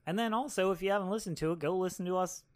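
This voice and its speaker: A podcast co-host, a man with a high voice, races through a casual film review chat. He is upbeat and speaks directly to listeners.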